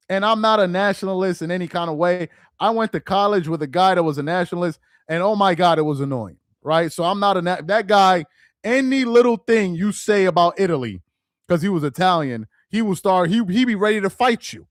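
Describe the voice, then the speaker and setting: High-voiced man riffing casually on a live stream. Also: fairly quick, dry recording, clean studio sound. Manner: loose, slangy, repeats himself for emphasis.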